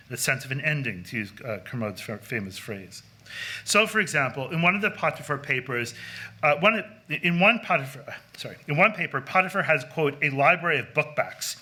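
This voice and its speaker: Bright-voiced man giving an academic lecture. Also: medium pitch. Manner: scholarly, with frequent fillers and self-corrections. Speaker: conference speaker. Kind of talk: academic lecture reading from a paper. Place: lecture hall.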